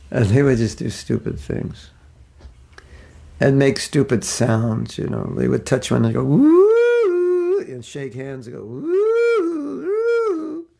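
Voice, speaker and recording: A man's voice: medium pitch, vocal fry, darkish tone. A man in his sixties giving a casual religious class, telling anecdotes with frequent chuckles. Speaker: spiritual teacher.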